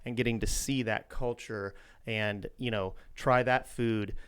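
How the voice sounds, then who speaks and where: Smooth-voiced talkative man from Indiana. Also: lowish voice, fairly even intonation, unhurried, a bit bright. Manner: talkative, rambling with fillers. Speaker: podcast co-host. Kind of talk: casual podcast chat.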